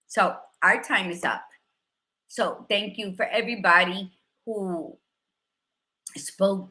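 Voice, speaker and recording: A woman in her fifties hosts a candid talk show with a bright, forceful tone. She talks openly and emotionally, then turns motivational with a lowish voice. Now and then she a phrase. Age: 50s. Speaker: host. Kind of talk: casual chat.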